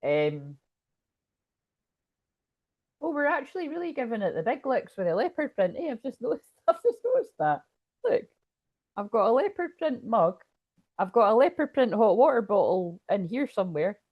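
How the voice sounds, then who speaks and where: A woman's voice: on the high side, sing-song, moderate pace, long pauses, dull audio. A Scottish woman talking casually at home as a tarot reader, rambling and laughing often. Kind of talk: casual livestream chat.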